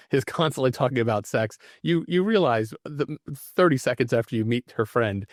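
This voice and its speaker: Casual movie-review chat about a bad horror movie comes from a male podcast co-host who laughs and tells lively, animated stories. His mid-range voice moves at normal speed, with studio quality and no room sound.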